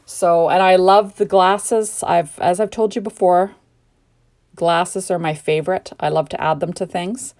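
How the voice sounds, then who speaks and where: Middle-aged woman from Canada, lower voice, drowsy and gushing, casual crafting chat. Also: steady tone, measured pace, darkish tone. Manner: chatty and gushing, rambling asides. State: sleepy, yawning. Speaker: card-making crafter. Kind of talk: casual crafting tutorial narration. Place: home craft desk.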